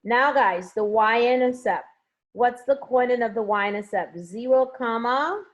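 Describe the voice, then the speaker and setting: A woman's voice: a little high, a little slow, highs cut off. A woman teaching an online class from home, coaxing her students to answer with lots of encouragement. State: has a headache.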